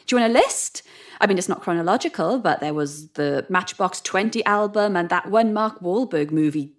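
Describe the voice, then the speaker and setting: An actress playing a sarcastic, sharp-tongued young woman who swears often and stays defiant while frightened. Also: mid-range voice, animated, normal speed, close to an everyday voice. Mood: wry. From Wales. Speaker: traveler at a strange customs desk. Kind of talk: audio drama acting.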